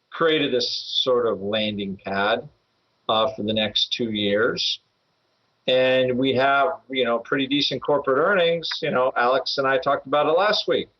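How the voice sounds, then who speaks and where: A man's voice: medium pitch, a little slow. A man co-hosting a podcast, explaining trades casually in a rambling way, full of fillers and little chuckles. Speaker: options trader and regular co-host. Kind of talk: casual podcast market talk. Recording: slightly muffled podcast audio.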